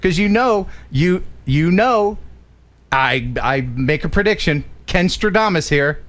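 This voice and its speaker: A man co-hosting a live drone show, joking playfully with big swings in pitch. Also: expressive, slow pace, a bit bright, slight background noise. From USA. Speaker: co-host. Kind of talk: casual live-stream chat.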